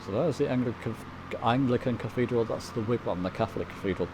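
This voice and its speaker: A flight sim host from the UK talks fast and casually over his gameplay footage, pointing things out and chatting with viewers. His voice is at an ordinary middle pitch, and a faint hiss runs beneath the desk-mic recording.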